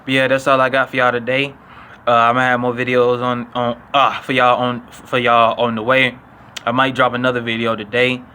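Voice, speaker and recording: Bright-voiced young man telling stories. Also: moderate pace, smooth. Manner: animated, acts out quotes with higher voice; profane, repetitive slang. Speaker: vlogger. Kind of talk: casual storytelling.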